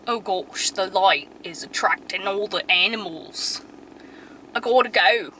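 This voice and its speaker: A woman's voice: medium pitch, a little slow, noisy background. A young woman vlogging casually to her viewers from a parked car at night, bubbly and chatty, sometimes dropping to a whisper. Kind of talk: casual rambling chat to viewers.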